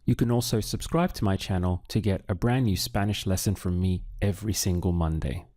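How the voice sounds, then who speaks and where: A man teaching a Spanish lesson, speaking deliberately and pausing so the learner can answer. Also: sits low, dark tone. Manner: slow, deliberate teaching with pauses for learner practice. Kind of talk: video language lesson.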